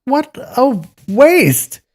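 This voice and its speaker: Guy playing an angry inn boy, shouty and high pitched. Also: sing-song, very slow, heavily acted. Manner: shouting, furious. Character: angry young male inn servant.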